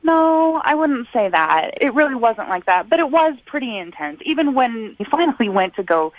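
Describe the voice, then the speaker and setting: A woman's voice: a little high, sing-song, normal speed. A woman talking to radio hosts over the phone, hesitant and polite, with nervous laughs. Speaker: caller on the phone. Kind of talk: phone conversation. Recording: dull phone line.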